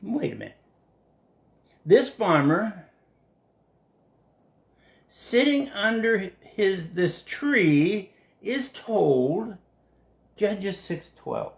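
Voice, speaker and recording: Male Bible study host, unhurried delivery, very lively intonation, playful. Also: high-pitched, vocal fry. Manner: animated, laughing, acting out quotes. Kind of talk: casual live Bible study.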